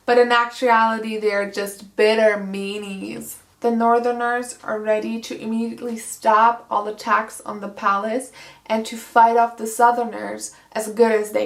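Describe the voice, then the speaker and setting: A woman's voice: fairly high pitch, vocal fry. A young woman giving a casual, sarcastic book recap as a vlogger. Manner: sarcastic and snarky. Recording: roomy echo.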